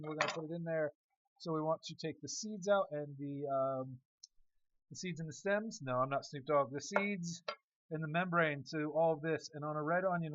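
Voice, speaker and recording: A man's voice: a little high, a bit bright, no room sound, muffled recording. A man chef chatting casually and joking with filler words while demonstrating a recipe.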